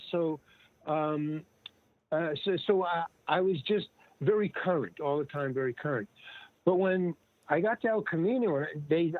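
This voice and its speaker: Over a dry, tinny phone-like line with no echo, an older man appearing as a guest tells meandering stories, frequently starting over and quoting people. His voice is fairly high.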